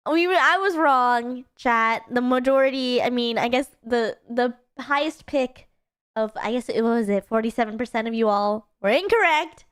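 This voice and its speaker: A woman's voice: fairly high pitch, moderate pace, smooth. A woman hosting a live stream, chatting casually and thinking aloud to her chat. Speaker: streamer hosting an anime guessing game.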